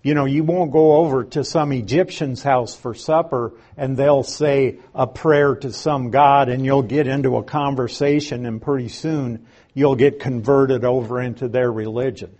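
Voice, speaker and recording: A man giving a Bible lesson in an unhurried, explanatory way, reading scripture aloud and stressing key words, with a few dry asides. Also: medium pitch, steady tone, a little mellow. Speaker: Bible teacher. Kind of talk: Bible teaching.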